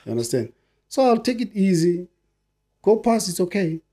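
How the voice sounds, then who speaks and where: Husky older South African man. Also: high voice, normal speed. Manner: animated, repeats words in bursts, keeps asking "you understand?". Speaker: former footballer, guest. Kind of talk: casual storytelling interview.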